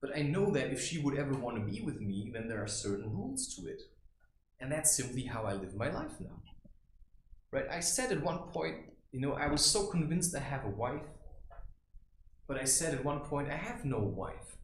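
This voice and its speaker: A man's voice: medium pitch, sing-song, normal speed, slight background noise. A man playing a blunt, boastful macho barbarian in a rambling comic monologue, keeps tossing in "right?", recorded in a room. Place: room indoors. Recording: echoey room.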